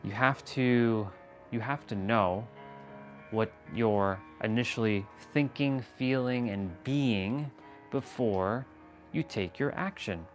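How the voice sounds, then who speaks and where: A man talking on a motivational livestream at an ordinary middle pitch. He drives points home by repeating them, throws in casual swearing and teasing asides to his viewers. Soft music plays faintly behind him. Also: slow pace. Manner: playful, mock-scolding asides to chat, emphatic repetition. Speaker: motivational live streamer.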